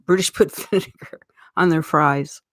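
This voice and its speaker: A woman's voice: low voice, fairly even intonation, measured pace, a bit bright, no room sound, studio quality. A middle-aged woman from Eastern Canada with a Canadian accent, chatting casually on a live stream in a rambling way and laughing often. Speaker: livestream host.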